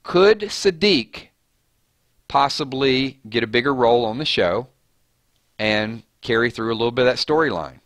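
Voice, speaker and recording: A man's voice: mid-range voice, moderate pace, dry recording. Chatty man hosting a dry live stream. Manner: chatty, reads out viewer comments; animated, voice jumps up on names and questions. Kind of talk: casual live-stream commentary.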